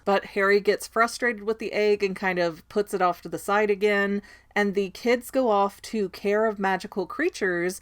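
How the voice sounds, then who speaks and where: A chatty woman hosting a casual book podcast, recapping the chapter in her own words. She drifts into quick asides and second thoughts as she goes. Her pitch sits in an ordinary middle range. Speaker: podcast host.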